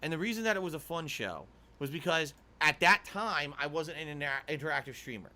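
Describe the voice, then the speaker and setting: A man's voice: fairly high pitch, sing-song, fairly quick, pushed and bright. A man streaming from home, talking to his chat in an exasperated, lecturing way, played as a clip.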